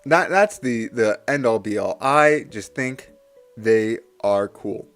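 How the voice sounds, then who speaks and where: A man's voice: medium pitch, lively intonation, slow pace, fairly bright tone, soft background music. A young man livestreaming, doing a playful mock-villain rant in casual chat, with frequent restarts. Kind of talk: casual live-stream rant.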